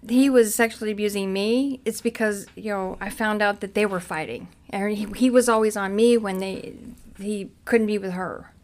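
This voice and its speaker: A woman from Cincinnati, a podcast guest, frankly and haltingly recounting her own past with many restarts. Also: mid-range voice. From Cincinnati, United States. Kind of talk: candid personal storytelling.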